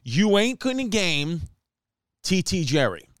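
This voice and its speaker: A man spins a rambling comic story, quick and animated, acting out quoted lines. His voice sits fairly high and sounds smooth and clear. The recording is dry and close. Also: no echo. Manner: animated, fast, acts out quotes with Spanish asides. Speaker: comedian telling a story. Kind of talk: casual storytelling monologue.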